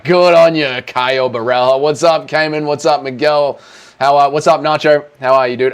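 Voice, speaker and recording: Swearing Australian streamer, casual. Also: male voice, medium pitch, a little fast, clear, resonant tone. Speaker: streamer host. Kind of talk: livestream chat Q&A.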